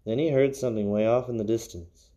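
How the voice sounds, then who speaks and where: A man hosting an unscripted podcast, reading stories and musing casually, his voice sinking low and quiet at the ends of phrases. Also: fast. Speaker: podcast host.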